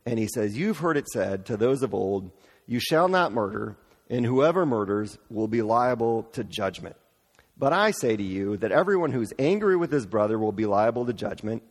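A man preaching a casual, conversational sermon, informal and animated, acting out quotes playfully. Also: mid-range voice, normal speed, big-room sound. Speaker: pastor.

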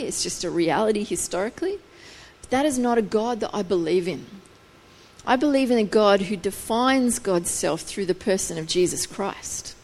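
Woman preaching in a reverberant hall. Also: medium pitch. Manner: reflective, explaining scripture with rising intensity. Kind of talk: sermon.

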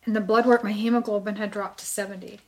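A woman's voice: mid-range voice, level tone, fast talker. A middle-aged woman sharing a personal testimony, telling her story with animation and acting out what people said. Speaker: church member sharing testimony.

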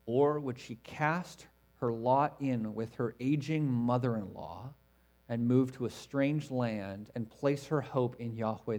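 A man preaching an expository sermon in a conversational way, swinging between emphatic stresses and hushed, quiet asides. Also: mid-range voice. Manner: conversational, with fillers and self-corrections.

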